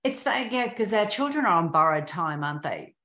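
Middle-aged woman podcast host, thoughtful and musing, lowish voice, roomy echo. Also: lively intonation, fairly quick, pushed and bright, a little hiss or hum. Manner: reflective, thoughtful, some restarts. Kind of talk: interview conversation. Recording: echoey room.

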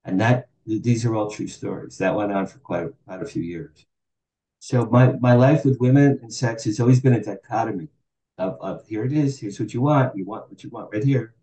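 A man's voice: on the low side, normal speed, roomy sound, rough recording. A man in his sixties telling candid stories as a podcast guest, acting out the dialogue he quotes. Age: 60s. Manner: animated, acts out quoted dialogue. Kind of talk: candid storytelling interview.

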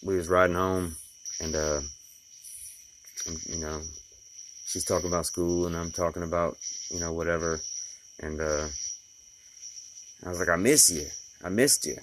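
A man's voice: sits low, steady tone, a little slow, pauses often, noisy background. A middle-aged man who installs glass, telling stories about his day in a rambling, folksy way with lots of fillers. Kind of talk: casual personal vlog.

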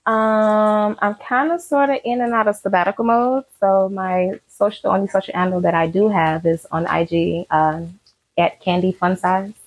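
A woman guest on a podcast, talking in a relaxed, laid-back way. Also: mid-range voice, normal speed, poor audio. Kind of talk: casual chat interview.

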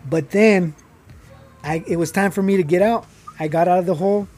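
A young man, telling a personal story in casual talk, animated and full of fillers, acting out the people he quotes. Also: high voice, moderate pace, faint music behind. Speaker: guest telling his story.

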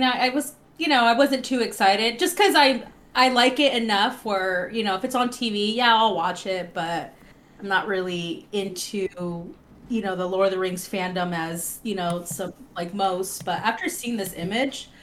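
A woman co-hosting a casual podcast, halting and full of fillers. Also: medium pitch, fairly bright tone. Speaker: podcast co-host.

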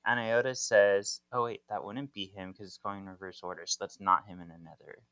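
Casting: male podcast co-host, bright forceful tone, very dry close mic, casual comic recap. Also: on the low side, fairly even intonation, a little fast, no echo. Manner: chatty, narrates the comic page by page with fillers.

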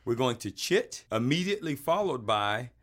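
A man's voice: mid-range voice, sing-song, normal speed. A man co-hosting a casual podcast, teasing and theatrical as he jokes with his guests. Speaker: podcast co-host. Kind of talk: casual joking podcast chat.

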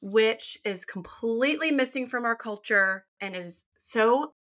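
A woman's voice: on the high side, expressive, a little slow, a bit bright. A woman hosting a podcast interview, effusive and enthusiastic. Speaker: podcast host.

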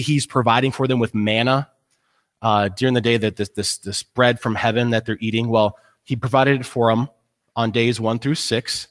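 Male pastor, mid-pitched voice, casual sermon delivery, animated storyteller who voices the characters in quotes. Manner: conversational, casual fillers.

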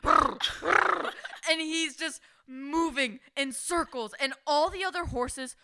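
A young woman co-hosting a podcast, telling a story in casual chat, animated and full of "like". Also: sits high, a little slow, very noisy. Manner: animated, heavy use of "like", acts out quotes. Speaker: podcast co-host.

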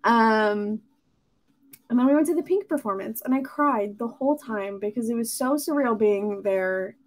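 Chatty young woman, gushing and bright. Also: fairly high pitch, moderate pace. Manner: chatty, gushing, laughs often. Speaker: podcast host. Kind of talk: casual monologue.

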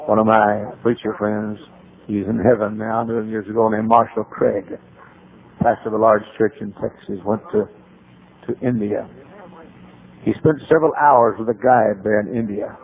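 A man preaching a sermon as pastor, telling folksy stories and building to emphatic appeals. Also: lowish voice. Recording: tinny phone-like old radio broadcast.

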